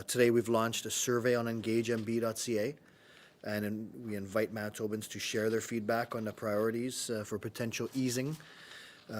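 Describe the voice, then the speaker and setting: A man's voice: medium pitch, a little hiss or hum. A middle-aged man giving a matter-of-fact public health briefing as chief medical officer, with many uh fillers. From Canada.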